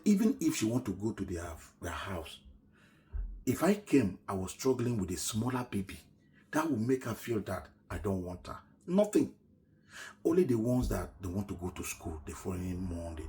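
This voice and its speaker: Nigerian man telling a personal story. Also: deep voice. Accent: Nigerian English. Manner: animated retelling, shouts quoted lines then drops to a near-whisper.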